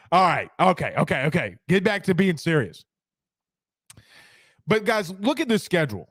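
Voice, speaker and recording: A man's voice: high-pitched, sing-song, a little slow, pauses often, fairly bright tone, no room sound, studio quality. A man hosting a casual sports talk show, joking and rambling through viewer comments and repeating lines for emphasis.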